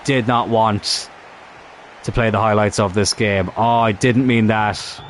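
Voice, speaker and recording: A man's voice: on the low side, fairly even intonation, a little slow, slight background noise. A man casually commenting on a football management game, often grumbling and swearing at it. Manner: frustrated, muttering, swears at the game. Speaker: gaming YouTuber.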